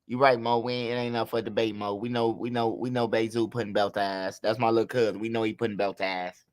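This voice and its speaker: A man's voice: on the low side, flat delivery, fast. A man hosting a livestream, telling a story and talking straight to his chat in a loose, profane way. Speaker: livestream host. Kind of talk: casual livestream commentary.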